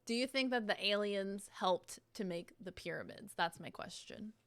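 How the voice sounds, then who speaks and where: A young woman talks casually on a home live stream. She rambles and giggles, and she often teases herself. Her voice sits at an ordinary pitch, and the sound is dry and close with no room echo. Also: moderate pace, a bit bright. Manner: giggly, rambling, self-deprecating.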